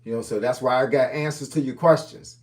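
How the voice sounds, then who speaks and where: A fitness coach in his fifties talks through viewers' questions on a live stream. He speaks in a relaxed, folksy way, full of plain slang, with a voice of ordinary pitch for a man. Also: brisk, recorded from a distance. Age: 50s.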